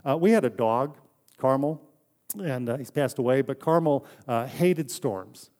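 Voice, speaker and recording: A man's voice: mid-range voice, unhurried. Conversational male pastor preaching. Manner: conversational, anecdotal, drops to a soft hush for emphasis. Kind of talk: sermon.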